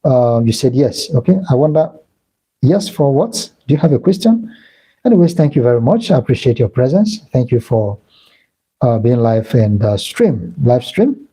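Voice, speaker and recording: A man's voice: mid-range voice, big pitch swings, normal speed, warm tone, slightly rough, poor audio. A man with a Nigerian Igbo accent hosting a casual live stream, repeating himself and thanking and blessing viewers as he reads their comments. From southeastern Nigeria. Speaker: crypto live-stream host.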